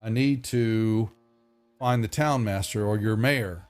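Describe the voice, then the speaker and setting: A man voicing a steady knight who speaks earnestly and formally to townsfolk. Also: fairly low pitch, takes it slowly. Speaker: character voiced by the game master.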